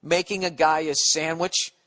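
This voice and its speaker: A man's voice: fairly high pitch, level tone, unhurried, fairly bright tone. A man hosting a podcast, ranting in a casual, profane, sarcastic and rambling way. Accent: Boston. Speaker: podcast host. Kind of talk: casual comedic rant.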